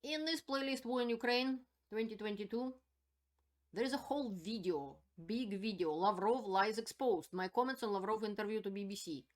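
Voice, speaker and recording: A woman's voice: mid-range voice, moderate pace. A woman hosting her own channel, giving spoken political commentary in an indignant, emphatic way and repeating her points.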